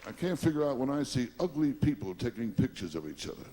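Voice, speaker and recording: A man's voice: mid-range voice, sing-song, fast, dark tone, a little hiss or hum. A man doing a stand-up comedy routine, firing off brash one-liners and chuckling at his own jokes.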